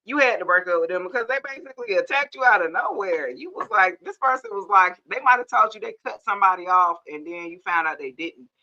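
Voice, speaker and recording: A young woman reads tarot cards straight to camera, sassy and blunt, with quick laughing asides. Her voice is bright and sharp, and the sound is dull and lo-fi, like a phone mic. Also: mid-range voice, expressive. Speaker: tarot reader. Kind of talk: casual tarot reading to camera.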